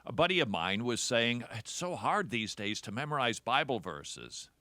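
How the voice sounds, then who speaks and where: A man's voice: mid-range voice, big pitch swings, moderate pace, bright, forceful tone, no room sound. A man hosting a radio talk show, delivering a sarcastic, jokey monologue. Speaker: host.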